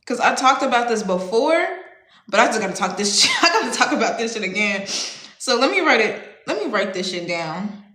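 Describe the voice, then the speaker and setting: A young woman's mid-range voice has a sharp tone and a reverberant sound. She's casually chatting on a livestream, rambling, profane and slangy, and laughing often.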